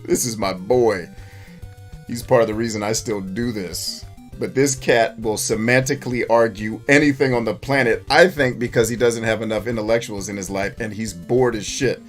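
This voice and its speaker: A man's voice: lowish voice, normal speed, faint music behind. A man streaming a retro game, chatting casually with viewers and reading their comments, swearing freely and laughing often. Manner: animated, profane, laughs often. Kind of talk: casual live-stream chat.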